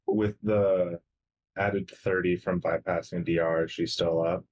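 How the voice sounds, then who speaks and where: Male player, deep voice, plain matter-of-fact delivery. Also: steady tone, takes it slowly, darkish tone. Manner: matter-of-fact, asks rules questions. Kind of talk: casual game chat.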